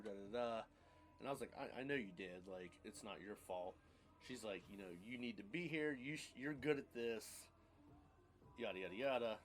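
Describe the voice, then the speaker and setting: A man's voice: mid-range voice, a bit bright. Blunt, rambling man telling his story. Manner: rambling, blunt, swears casually. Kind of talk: casual storytelling chat.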